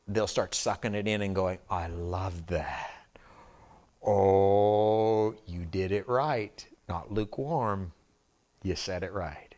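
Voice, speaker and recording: A male pastor preaching a conversational sermon, calling out to the congregation to check they follow. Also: on the low side. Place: church sanctuary.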